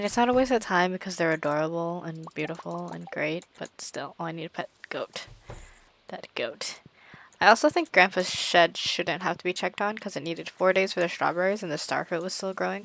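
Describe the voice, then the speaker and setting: A woman streaming a game in casual let's-play commentary, chatty and talking through each of her moves with quick self-aware asides. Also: on the low side, gravelly, fairly bright tone.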